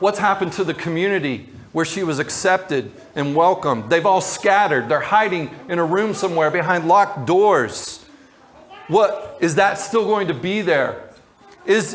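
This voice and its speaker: A man's voice: on the high side, a bit bright. A man who is a pastor, preaching a sermon in a loose, conversational way with tangents and repeated words.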